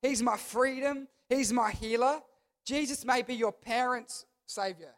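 A man with a high voice preaches to a youth group. He is emphatic and keeps repeating key phrases. Now and then he asks the crowd to say words back to him. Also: unhurried, a bit bright. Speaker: youth pastor. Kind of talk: sermon.

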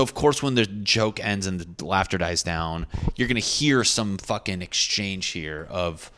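Low-voiced man rambling through a story. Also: sharp tone. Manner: rambling, profane, self-correcting. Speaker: stand-up comedian. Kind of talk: casual storytelling.

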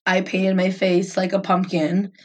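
A woman's voice: mid-range voice, monotone, a little slow, a little mellow, recorded from a distance. A young woman chatting casually as a co-host, wandering through her story with plenty of "um"s and "like"s and easy giggles. Her voice sits a little back from the mic. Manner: rambling, giggly, lots of fillers. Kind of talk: casual chat.

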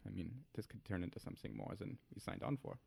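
A man's voice: on the low side, quick pace, vocal fry, a little mellow, breathy edge. A man playing a tabletop game, talking casually and hesitantly with many fillers. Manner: hesitant, lots of likes. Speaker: player.

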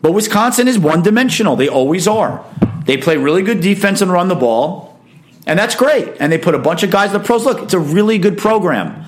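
A man's voice: high voice, lively intonation, brisk, noisy background. Opinionated man talking college football. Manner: opinionated, emphatic, chatty. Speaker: sports talk host. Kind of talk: casual sports commentary monologue.

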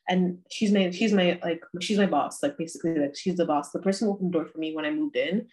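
A woman's voice: lowish voice, fast, a little mellow. A young woman chatting casually as a podcast co-host, rambling with many fillers and frequent laughs. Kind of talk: casual chat.

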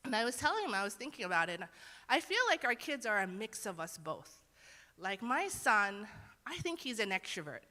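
A woman's voice: mid-range voice, sing-song, normal speed, sharp tone. A young woman teaching a Bible lesson in a casual, earnest way, acting out the quotes she tells. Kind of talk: conversational sermon. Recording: long hall reverb.

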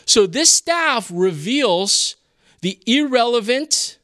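A man preaching a sermon in an expressive, teaching manner with rhetorical questions. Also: extremely high pitch, slow pace, no echo, clean studio sound. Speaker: pastor.

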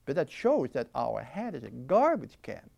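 A man speaking as an interview guest, talking reflectively and expressively at his home, full of restarts and quick bursts. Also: mid-range voice, creaky, dry recording. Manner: animated and expressive, with many restarts. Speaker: interview guest, spiritual writer. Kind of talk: reflective interview talk on prayer. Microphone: filmed interview mic.

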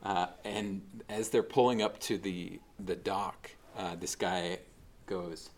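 A man with a very low, gravelly voice delivers a relaxed sermon. He talks conversationally, full of fillers and restarts. It sounds like a pastor teaching, not performing. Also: takes it slowly. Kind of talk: casual sermon.

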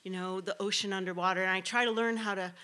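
A woman's voice: mid-range voice, fairly even intonation, fast talker, pushed and bright. A woman telling a personal story before a live audience, chatty and rambling with many fillers.

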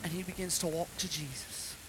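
A man preaching at a children's service, telling the story dramatically and shouting out acted quotes. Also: fairly high pitch, brisk, noisy background. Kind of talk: interactive children's sermon.

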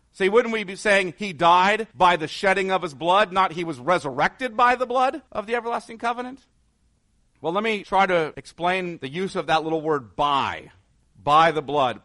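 A man preaches earnestly as a pastor, alternating gentle, low-voiced stretches with emphatic ones and asking rhetorical questions along the way in his sermon.

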